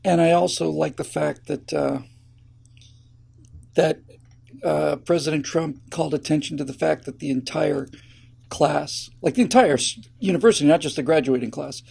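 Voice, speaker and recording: A man co-hosting a casual planning meeting, chatty and quick to agree with the others. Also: fairly high pitch, gravelly, darkish tone, husky. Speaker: co-host.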